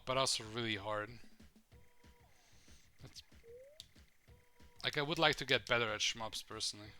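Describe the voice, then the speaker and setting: Male streamer, bright edgy voice, loose rambling commentary with swearing, faint game music underneath. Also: medium pitch, smooth. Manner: rambling, swears casually, thinks aloud while playing. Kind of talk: casual live-stream commentary.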